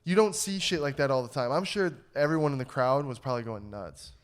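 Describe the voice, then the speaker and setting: Brief: young male podcast co-host, resonant clear voice, profane and fired up. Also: mid-range voice, a little fast. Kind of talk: casual chat.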